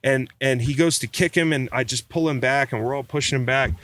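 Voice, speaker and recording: A man on a podcast, telling a story in casual chat, animated and swearing, acting out quotes. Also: medium pitch, fairly quick, no room sound. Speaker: podcast guest.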